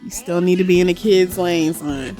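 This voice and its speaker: A woman voicing a calm, firm single father in a life-sim game, talking in a low, measured, fatherly way. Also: soft background music, close to an everyday voice. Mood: steady.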